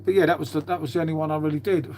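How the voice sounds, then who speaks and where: A man's voice: fairly high pitch, steady tone, rapid-fire, darkish tone, slight background noise. A middle-aged man rambles casually to his live-stream viewers, calling everyone mate and musing aloud while he tidies up. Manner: laid-back, calls everyone mate, muses aloud while tidying.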